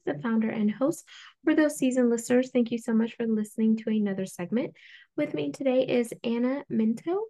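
An upbeat woman hosts a podcast interview. Her voice sits a little high, and she plays host like a game show, bright and playful. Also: creaky.

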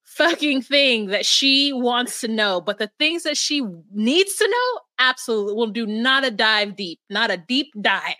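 A woman co-hosting a podcast, recapping a reality show in an animated, swearing way and laughing often. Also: a little high, a little slow, dry recording. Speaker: podcast co-host. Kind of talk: casual chat recapping reality TV.

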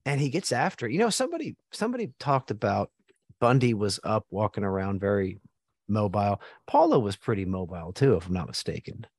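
A man's voice: on the low side, sing-song, a little fast, darkish tone, no room sound. An American man hosting a casual sports chat, blunt and joking with plenty of swearing. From United States.

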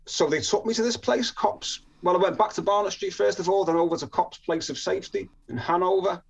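A man's voice: high-pitched, a little fast, creaky, husky, lo-fi sound. A man from northern England telling a personal story in a chatty way, with frequent restarts and chuckles.

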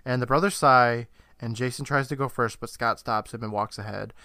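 A man co-hosting a podcast, casually recapping a TV episode with frequent laughter, swearing and quick impressions of the characters. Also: mid-range voice, sharp tone, dry recording, studio quality. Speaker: podcast co-host.

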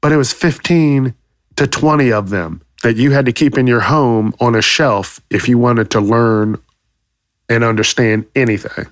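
A man hosting a podcast, delivering a profane comedic rant with loud, exaggerated outrage and plenty of swearing. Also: mid-range voice, normal speed, no room sound, clean studio sound. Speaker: podcast host.

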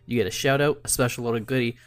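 A man co-hosting a casual podcast, relaxed, slowing down to read out promos. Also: mid-range voice, dry recording, faint music behind. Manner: relaxed, reads promos slowly and deliberately. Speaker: podcast co-host. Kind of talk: casual chat.

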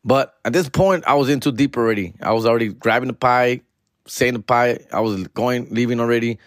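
Slangy dude, dry close mic. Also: male voice, brisk, dry recording. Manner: slangy, peppered with "fool" and "dog", switches into Spanish; animated, acts out family members in higher voices. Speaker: podcast host. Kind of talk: casual storytelling monologue. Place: home, alone in the house.

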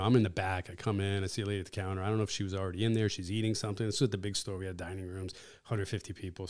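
A middle-aged man, a pizza shop owner, telling animated stories as a podcast guest, swearing casually. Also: on the low side, no room sound, clean studio sound. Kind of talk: casual storytelling. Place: podcast studio.

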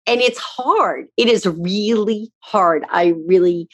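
Brief: middle-aged woman, interview host, chatty storyteller who laughs a lot, mid-range pitch. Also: slow pace. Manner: chatty storyteller, laughs often, acts out quotes. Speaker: podcast host. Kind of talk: casual conversational interview.

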